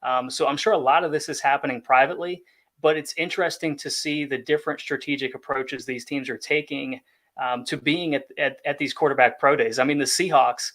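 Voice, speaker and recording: A man analyzing football in casual podcast chat, explaining in a measured way. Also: medium pitch, steady tone, fairly bright tone.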